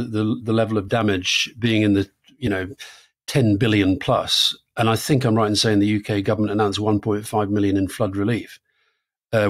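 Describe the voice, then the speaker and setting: A man's voice: fairly low pitch, husky. A British man co-hosting a political podcast in a casual, conversational way, often repeating words as he thinks aloud. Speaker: podcast co-host.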